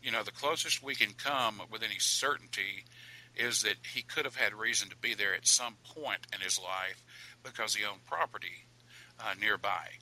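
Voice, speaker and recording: A man tells a ghost story as a podcast guest, animated and dramatic. His voice is low and forceful, with a tense edge. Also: normal speed, poor audio. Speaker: author and guest.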